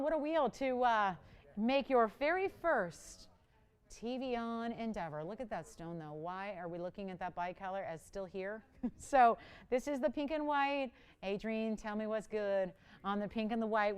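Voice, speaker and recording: A woman hosts a live jewelry sales show from a TV studio, chatty and enthusiastic as she pitches rings and greets callers. Her voice sits a little high and comes across smooth and clear. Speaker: shopping channel host.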